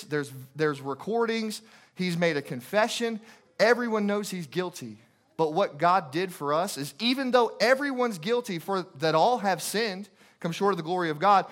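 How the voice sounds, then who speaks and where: Impassioned higher-voiced male preacher. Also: a bit bright. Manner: impassioned, repetitive preaching with rhetorical questions. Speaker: guest preacher. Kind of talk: sermon.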